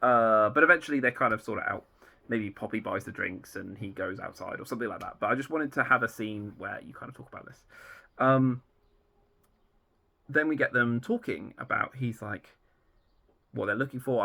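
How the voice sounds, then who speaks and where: A man's voice: mid-range voice, moderate pace, creaky, bright, forceful tone. A man casually talking through the plot of an episode he has written, rambling loosely with lots of fillers. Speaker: fan writer outlining his own series.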